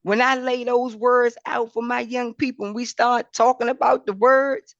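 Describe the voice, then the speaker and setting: A woman's voice: a little high, level tone, normal speed, no room sound, lo-fi sound. Emphatic woman with a preacherly cadence. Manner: emphatic, repeats words, preacherly rise and fall. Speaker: podcast guest, abuse survivor speaker. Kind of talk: impassioned talk.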